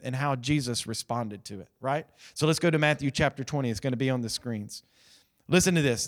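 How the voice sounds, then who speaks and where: A male pastor, preaching a sermon and telling the story in a lively, conversational way, acting out the voices of the people in it. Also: fairly high pitch. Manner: animated storytelling, acts out quoted voices; conversational, addresses the congregation directly.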